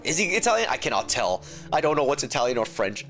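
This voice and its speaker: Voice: mid-range voice, very animated, fast talker, a bit bright, faint music behind. A streamer chatting casually with viewers while reading a courtroom game aloud. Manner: chatty, laughing, talks to chat.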